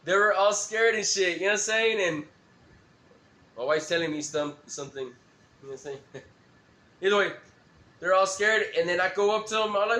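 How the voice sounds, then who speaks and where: A man's voice: sits high, a little fast, long pauses, bright, forceful tone, echoey room. A man rambling through a profane, laugh-filled story on a live stream.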